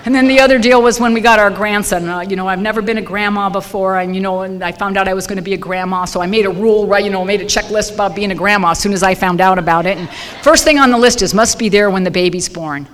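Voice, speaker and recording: A woman in her fifties from Southern California, sharing a wry, lively personal story with a support group meeting. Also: mid-range voice, fast talker. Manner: lively, wry, acts out her own reactions. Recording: long hall reverb, faint noise.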